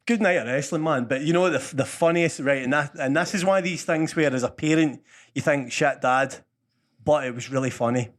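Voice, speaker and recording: A man's voice: fairly high pitch, brisk. A Scottish man co-hosting a podcast, telling stories in casual chat, swearing and laughing often. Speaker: podcast co-host.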